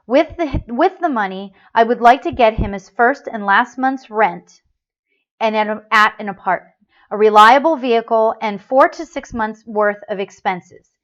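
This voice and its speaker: A woman's voice: on the high side, measured pace, fairly bright tone. A woman hosting a spiritual talk show, chatting casually and reading a story aloud with feeling, often laughing and restarting her sentences. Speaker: host of a spiritual call-in show. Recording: dull lo-fi sound.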